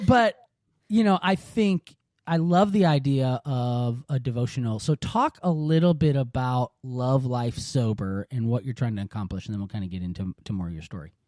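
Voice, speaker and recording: Enthusiastic podcast host, dry sound. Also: male voice, mid-range voice, moderate pace, dry recording. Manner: warm and enthusiastic, rambling with "like" and "um". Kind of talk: casual interview chat.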